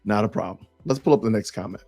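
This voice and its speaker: A man's voice: lowish voice, fast, dark tone, soft background music. A man hosting a podcast, reading out comments and answering them in an emphatic, sarcastic way. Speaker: podcast host.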